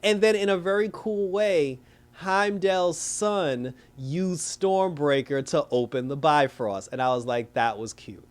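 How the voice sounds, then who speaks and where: Slangy, animated male movie reviewer. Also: on the high side, measured pace. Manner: animated, slangy, profane, retells scenes with quoted voices. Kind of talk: casual plot recap.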